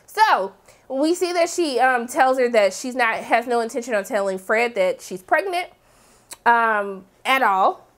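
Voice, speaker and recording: Sassy high-voiced woman recapping a show. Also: unhurried. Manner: sassy, animated, slangy, dramatic asides. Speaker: TV recap host. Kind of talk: casual episode recap commentary.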